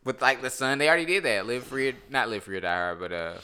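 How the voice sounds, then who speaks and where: A man talking loosely with a friend, bright and forceful in tone. His voice is crisp and smooth as he rambles, laughs and jumps between half-formed ideas. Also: medium pitch, big pitch swings, fast. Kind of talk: casual chat.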